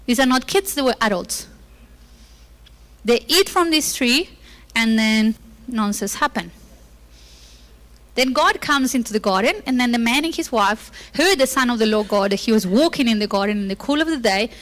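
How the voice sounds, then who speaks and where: A woman's voice: fairly high pitch, expressive, normal speed, long pauses, fairly bright tone. A woman pastor preaching a sermon with playful asides, acting out the lines she quotes. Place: church auditorium. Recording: long reverb of a church hall.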